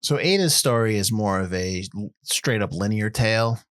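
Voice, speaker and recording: A man co-hosting a podcast, chatting about a film and teasing his co-host with quick jokes. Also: on the low side, expressive, fairly bright tone, no echo, clean studio sound. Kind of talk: casual film discussion.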